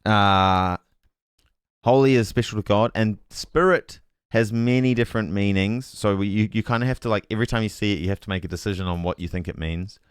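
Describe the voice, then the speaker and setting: A man's voice: fairly low pitch, fairly quick, clean tone, no echo, studio quality. A man streaming a casual Bible talk, thinking aloud and correcting himself as he goes, and reading chat messages aloud with puzzled asides.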